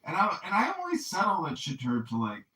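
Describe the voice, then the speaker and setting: Rambling, profane man with a bright voice. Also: high voice, wildly swooping pitch, fast talker. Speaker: podcast host. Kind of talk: casual chat. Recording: echoey room, distant mic.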